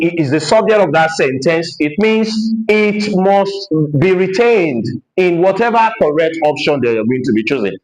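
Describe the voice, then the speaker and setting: A man, a teacher explaining a lesson from a board, repeating points and pausing with frequent hesitations. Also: on the high side, roomy sound, rough recording. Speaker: English teacher.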